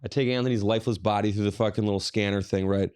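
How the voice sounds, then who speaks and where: A man's voice: on the low side, steady tone, rapid-fire, darkish tone, smooth. A man co-hosting a podcast, telling a rambling, profane story in casual chat. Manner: profane, rambling, quoting others. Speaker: podcast co-host.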